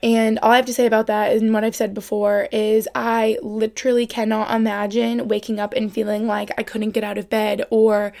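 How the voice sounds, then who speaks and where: A woman's voice: on the high side, little pitch movement, normal speed, gravelly, hardly any pauses, darkish tone. A young adult woman hosting her own podcast, talking in a rambling, upbeat way full of fillers. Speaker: podcast host. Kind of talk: casual solo podcast chat.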